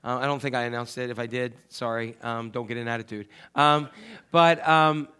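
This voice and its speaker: A pastor preaching a conversational sermon, often asking the congregation questions. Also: male voice, medium pitch, fairly even intonation, moderate pace, sharp tone, clear, resonant tone.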